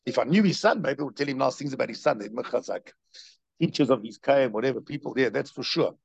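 Brief: male rabbi lecturing, husky, lively pitch, dry slightly muffled sound. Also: fast, dry recording. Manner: animated, repetitive storytelling with rhetorical questions. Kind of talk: Torah lecture.

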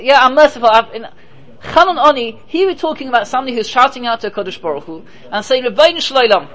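An extremely high-pitched, fairly bright male voice races along expressively through poor audio as a rabbi teaches a Torah class. He's emphatic, questioning and answering himself rhetorically while dropping in Hebrew and Yiddish.

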